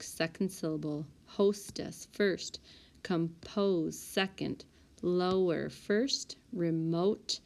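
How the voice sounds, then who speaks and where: Over a whiteboard app, a woman teacher with a lowish, darkish voice sorts spelling words aloud, calling out each word and its group and occasionally stopping to correct herself. It's a voice-over recorded on a tablet mic.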